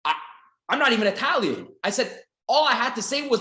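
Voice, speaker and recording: Energetic Canadian sales coach in an echoey room. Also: male voice, quick pace. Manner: energetic, acts out quoted dialogue with big pitch swings. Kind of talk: motivational seminar talk.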